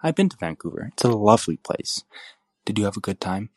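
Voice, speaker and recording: A man's voice: fairly low pitch, sing-song, fairly quick, a little mellow, dry recording. A twenty-year-old man calling in with a friendly, self-mocking message. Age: 20s. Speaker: caller. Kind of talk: voicemail message.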